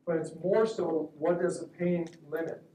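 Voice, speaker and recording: A man's voice: on the high side, steady tone, normal speed, mellow, a little hiss or hum. Man lecturing in an echoey room. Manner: conversational, keeps checking in with "right?". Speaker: orthopedic surgeon lecturing students. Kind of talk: classroom lecture. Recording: echoey room, recorded from a distance.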